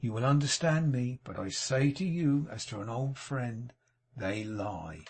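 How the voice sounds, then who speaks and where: A man voicing a sanctimonious, self-pitying middle-aged gentleman in an audiobook, mournful and unctuous. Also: medium pitch, expressive, unhurried. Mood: confiding. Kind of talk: audiobook character reading.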